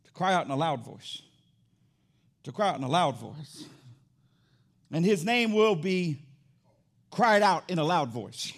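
Loud, high-pitched preaching pastor. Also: male voice, big pitch swings, measured pace, creaky, long pauses. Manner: loud, swinging between shouting and hushed. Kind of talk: sermon. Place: church sanctuary.

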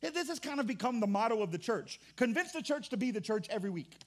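Man, high-pitched, a pastor preaching with fervor in a chatty way. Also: big pitch swings, quick pace. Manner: impassioned and conversational, with restarts. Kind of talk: sermon.

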